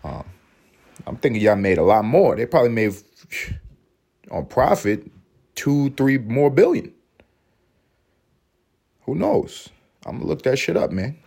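A man's voice: mid-range voice, very animated, measured pace, vocal fry, pauses often, warm tone, breathy edge. A man hosting a podcast, delivering a casual comedic monologue as a profane, rambling rant with laughing asides. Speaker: podcast host.

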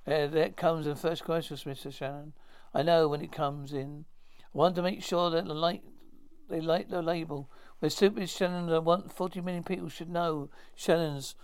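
A man acting a fast-talking character in a 1950s TV drama, with brisk, stagey dialogue. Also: on the high side, smooth, close to an everyday voice.

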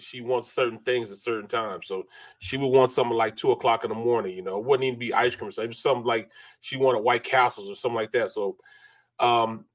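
A middle-aged man hosting a sports talk show, speaking in a loose, rambling way with lots of "you know" and restarts. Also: medium pitch. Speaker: sports radio host.

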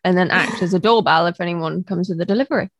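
A woman hosting a podcast in casual chat, chatty and quick to laugh, restarting sentences as she goes. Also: lowish voice. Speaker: podcast host.

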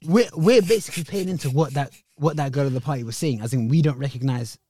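A man's voice: a little high, quick pace, warm tone, slight background noise. A young man, co-hosting a podcast and earnestly arguing his point in casual chat. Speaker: podcast co-host.

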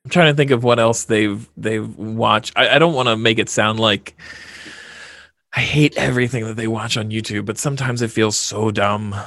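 A man in his thirties chatting casually as a podcast co-host, self-deprecating and quick to laugh. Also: fairly low pitch, steady tone, a bit bright, no echo, clean studio sound. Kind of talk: casual chat.

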